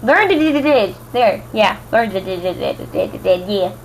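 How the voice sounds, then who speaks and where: A woman's voice: mid-range voice, lively intonation, moderate pace, a little hiss or hum, low-quality recording. A young woman from Louisiana casually reading fan fiction aloud, stumbling, rereading words and adding chatty asides. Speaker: amateur reader.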